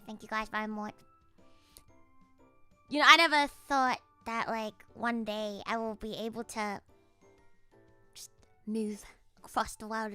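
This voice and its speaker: A woman's voice: a little high, pushed and bright, clear, resonant tone. A young woman who is a virtual idol, chatting casually with viewers on a livestream in a playful, teasing, mock-grumpy way and dropping in Japanese phrases.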